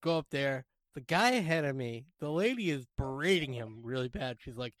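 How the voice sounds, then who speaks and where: A man's voice: medium pitch, normal speed, hardly any pauses, no room sound. Man telling a story on a podcast. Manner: animated storyteller, acts out quoted people, swears casually. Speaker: podcast co-host. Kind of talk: casual storytelling chat.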